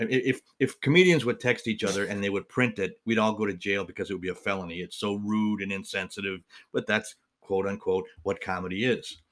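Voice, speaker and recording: A man co-hosting a casual podcast chat as a comedian, joking and sarcastic. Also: on the low side. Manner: joking, sarcastic, mocking voices.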